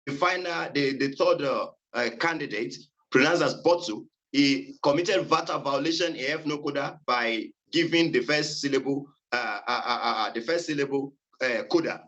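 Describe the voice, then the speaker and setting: A man presenting a seminar on phonology, reading in a halting way with many fillers and repeated words. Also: medium pitch, fairly bright tone, dull audio. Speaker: student presenter.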